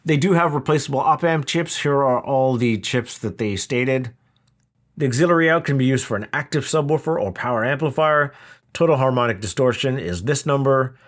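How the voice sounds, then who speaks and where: A man's voice: mid-range voice, normal speed. Casual, wry man reviewing gear. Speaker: audio equipment reviewer. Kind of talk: product review narration.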